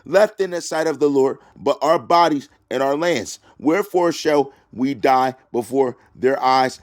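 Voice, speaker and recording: A man reading scripture aloud and breaking off into loud preaching and taunting, drawling slowly through the verses. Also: medium pitch. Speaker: self-styled preacher.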